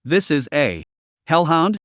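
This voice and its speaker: A man voicing a calm, observant young male priest hero in a recap story, sounding wary and analytical. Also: on the high side, slow pace, dry recording, clean studio sound.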